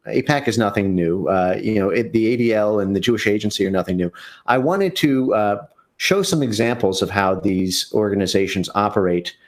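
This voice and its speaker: Male guest on a live-stream discussion, lowish voice, halting, lots of fillers and restarts.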